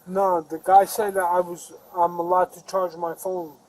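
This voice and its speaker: A man's voice: high-pitched, level tone, normal speed, darkish tone. A drunk man arguing with police outside a convenience store, rambling, slurring and defiant. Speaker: detained customer. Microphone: police body camera. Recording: noisy body-cam audio.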